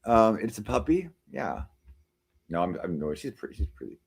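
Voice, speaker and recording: A man's voice: on the low side, very animated, moderate pace, creaky, breathy edge. A man hosting a live stream, chatting casually with viewers and reading their comments, rambling and teasing as he jumps from joke to joke. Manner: rambling, teasing, jumps between jokes and chat replies.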